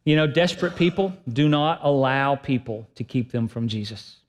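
A man preaching a sermon as pastor, emphatic and swinging between loud and soft delivery. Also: medium pitch, animated, normal speed.

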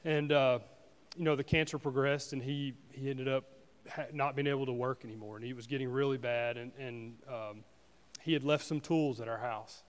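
A man giving a personal testimony at a church service, speaking earnestly and haltingly with frequent restarts. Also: medium pitch, steady tone, big-room sound. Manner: earnest, halting, with many restarts and "you know"s.

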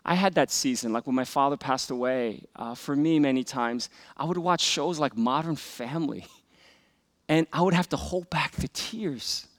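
A man preaching a sermon as a pastor, earnest, rising for emphatic scripture readings and dropping to soft, hushed asides. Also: medium pitch.

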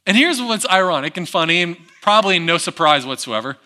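A man preaching a sermon, who acts out the people in the story and drops to a hush on reflective lines. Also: sits high, very animated, a little fast. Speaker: pastor.

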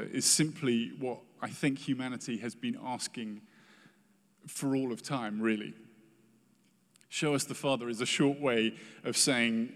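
A man preaching with earnest emphasis, now and then acting out the words of those he quotes. His voice sits at an ordinary middle pitch. A long reverb trails after each phrase, as in a large hall. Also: steady tone, measured pace. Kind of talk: sermon.

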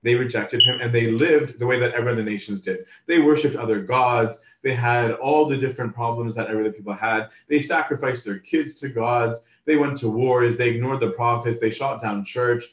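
A man's voice: medium pitch, a little fast, hardly any pauses. A man preaching a sermon in a casual, conversational way. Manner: casual, conversational, acts out quoted voices. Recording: roomy, from a distance.

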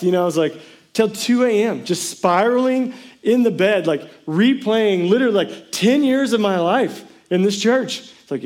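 A man in his thirties, a pastor giving a sermon in a casual, jokey storytelling way, often breaking into loud, excited bursts. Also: high voice, normal speed.

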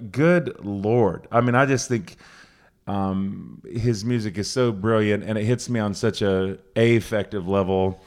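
A man from North Carolina, hosting a casual live podcast talk in a living room at a small house concert. He rambles, interrupts himself and jokes as he goes. His pitch sits at an ordinary middle level for a man. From Charlotte, North Carolina. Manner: rambling, self-interrupting, jokey. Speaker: podcast host.

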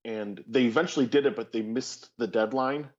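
A man's voice: medium pitch, moderate pace, darkish tone. A man co-hosting a casual chat and explaining history in detail. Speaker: co-host telling of a trip. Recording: dull lo-fi audio.

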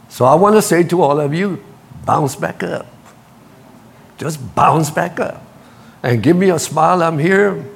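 High-voiced animated male preacher. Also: creaky. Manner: animated storytelling, acts out quotes, laughs at his own stories; addresses the congregation directly. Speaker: pastor. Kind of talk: sermon.

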